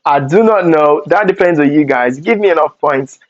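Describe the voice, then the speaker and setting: Lively Nigerian young man telling stories. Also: fairly high pitch, normal speed, no room sound, muffled recording. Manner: animated storytelling with Pidgin asides. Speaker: vlogger. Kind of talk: storytime vlog.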